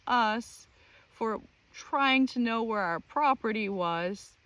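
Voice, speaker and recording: A woman hosting her own channel, telling a personal story in a casual, animated and exasperated way, with many fillers. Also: a little high, slow, dry recording. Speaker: channel host.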